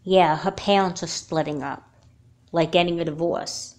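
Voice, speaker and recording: An earnest, chatty young girl, voiced by a woman for a homemade doll movie. She talks in long, sincere explanations in a slightly low voice. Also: fairly even intonation, normal speed, darkish tone, natural voice. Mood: upset.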